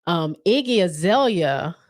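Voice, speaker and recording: A woman's voice: fairly low pitch, animated, a little slow. A woman hosting a solo podcast, chatting casually and thinking aloud with frequent restarts. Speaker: podcast host.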